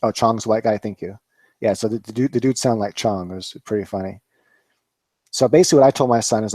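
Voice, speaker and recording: A man's voice: lowish voice, a little fast, mellow, no room sound. A man in his forties, a cannabis grower, rambling casually through a live stream, full of fillers and swearing. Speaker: cannabis grower, channel host.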